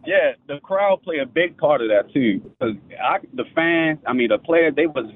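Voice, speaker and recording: A man in his twenties calling into a sports radio show, talking in a relaxed, plain way. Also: a little high, moderate pace, slight background noise. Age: 20s. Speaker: caller. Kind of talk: phone-in call. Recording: tinny phone line.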